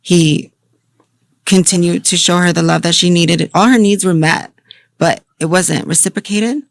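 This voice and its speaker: A woman who witnessed the breakup, explaining events in a measured, calm way. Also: fairly low pitch, vocal fry, no echo. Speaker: friend and bystander in the clip. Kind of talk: calm recounting in an interview.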